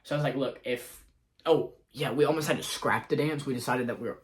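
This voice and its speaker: A man's voice: mid-range voice, brisk. Young male vlogger, loose and scatterbrained, chatty day recap. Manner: scatterbrained, quotes himself and others in conversation. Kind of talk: casual rambling vlog. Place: in a car.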